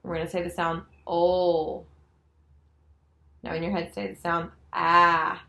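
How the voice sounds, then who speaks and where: A woman demonstrating a nonverbal reading lesson, slowly and patiently sounding out letters and words. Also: fairly low pitch, level tone, gravelly, a bit bright, rough recording. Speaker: special education student teacher.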